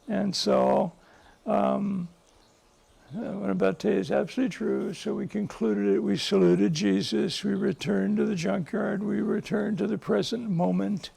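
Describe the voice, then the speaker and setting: An older man speaks to a group with a high voice full of grit and gravel. He tells stories earnestly and with emphasis, stopping to restart his sentences. His voice is husky. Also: little pitch movement, moderate pace, mellow. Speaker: psychologist and guest speaker. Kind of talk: speaking to a live group, storytelling.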